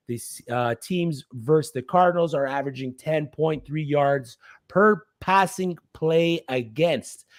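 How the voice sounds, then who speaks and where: A man analysing fantasy football, reeling off statistics in a brisk, confident delivery. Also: fairly high pitch, no room sound, studio quality. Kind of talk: fast stat-heavy sports analysis.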